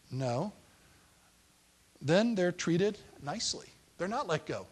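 High-voiced man preaching a sermon. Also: big pitch swings, takes it slowly, pauses often, husky. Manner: acts out the people in the story in a raised voice. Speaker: pastor.

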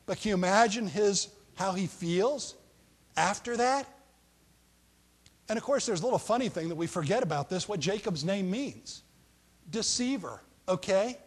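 A high-voiced man preaching as a pastor, chatty and playful, slipping into little voices for the people in the story. His voice rings out with a long reverb, as in a large hall. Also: animated, normal speed, husky. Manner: conversational, joking storyteller acting out quotes. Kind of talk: sermon.

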